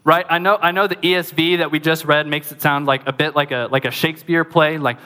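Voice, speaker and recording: A man preaching a sermon as pastor, lively and conversational, with joking asides to the congregation. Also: a little high, moderate pace, big-room sound.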